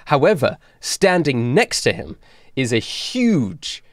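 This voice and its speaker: A man's voice: mid-range voice, big pitch swings, takes it slowly, no echo, studio quality. A man running a tabletop game as game master, describing scenes with lots of fillers and restarts. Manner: rambling, hesitant description with many fillers.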